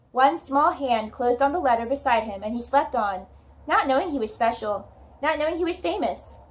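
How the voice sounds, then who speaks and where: A woman with a high voice reads a novel aloud. She tells the story at a steady pace, like a storybook read to listeners. She is speaking on her own reading channel. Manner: steady storytelling, then casual sign-off with fillers.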